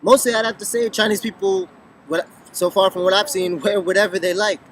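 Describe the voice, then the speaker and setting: A man casually answering viewer questions to camera, thinking aloud with many pauses and restarts. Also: high voice, steady tone, a bit bright, slight background noise. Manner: thoughtful, many ums and restarts. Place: lives in Beijing.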